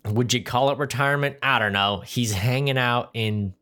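A man's voice: medium pitch, normal speed, sharp tone, a little hiss or hum. A young man co-hosting a podcast, reviewing a movie in a rambling, sarcastic, casual chat. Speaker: podcast co-host.

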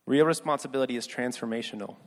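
A young man preaching, telling a personal story with earnest, quiet delivery that rises for emphasis. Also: mid-range voice, quick pace. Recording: long hall reverb.

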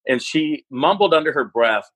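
Husky-voiced man telling parenting stories. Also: fairly high pitch, moderate pace, low-quality recording. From Wisconsin, US. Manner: animated, self-deprecating, acts out quoted thoughts. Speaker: parenting educator and guest. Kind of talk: conversational interview storytelling.

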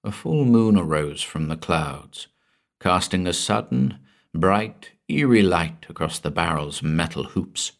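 A man reading a scripted horror story aloud in a measured, dramatic way, dropping to a hush at the ends of phrases. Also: low-pitched, lively intonation, vocal fry. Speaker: narrator.

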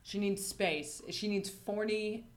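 A woman's voice: mid-range voice, fairly even intonation, slow. A woman co-hosting a casual podcast chat in student housing, chatty and wry, often laughing. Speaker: podcast co-host.

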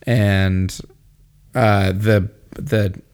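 A man's voice: fairly low pitch, fairly even intonation, extremely slow, a little mellow. A man chatting casually, rambling and swearing freely, often laughing as he explains things. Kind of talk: casual chat.

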